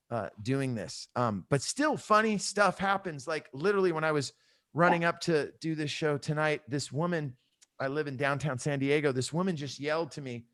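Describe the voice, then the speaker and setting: A middle-aged man doing a stand-up comedy set over a video call from his home, telling animated stories and acting out the voices of his family. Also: on the high side. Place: home room in San Diego. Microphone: headphone mic on a video call. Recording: video call with loud audience laughter.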